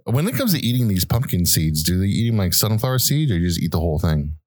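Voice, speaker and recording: A man's voice: low voice, sing-song, fast talker, a little mellow, no room sound. A man co-hosting a casual podcast who reads a sponsor spot and teases the others with dry remarks. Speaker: podcast co-host.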